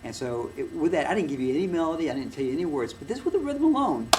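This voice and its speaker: A man's voice: on the high side, very animated, rapid-fire, darkish tone. A man teaching a music lesson in a loose, rambling way, with many fillers and restarts as he claps and plays to demonstrate. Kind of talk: casual recorded lecture. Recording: noisy room, mic far from the speaker.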